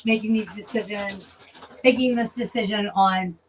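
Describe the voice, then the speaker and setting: A woman's voice: medium pitch, fairly even intonation, a little slow, a little hiss or hum. Blunt, foul-mouthed woman streamer. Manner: blunt, profane, laughs often. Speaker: live streamer. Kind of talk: casual rambling chat.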